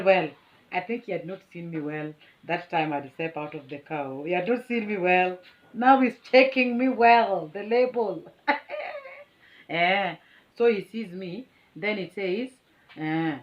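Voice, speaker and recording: A woman's voice: mid-range voice, muffled recording. Dramatic Kenyan woman telling a story. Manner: dramatic, boastful, laughs often. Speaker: vlogger and teacher. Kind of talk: animated storytelling. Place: home. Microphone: phone camera.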